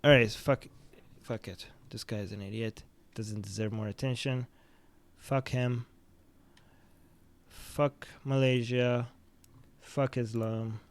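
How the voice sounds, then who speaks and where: A podcast host who speaks English as a second language talks slowly in a medium-pitched, fairly even voice, leaving long pauses. He offers blunt, profane commentary on the news and reads out viewer comments.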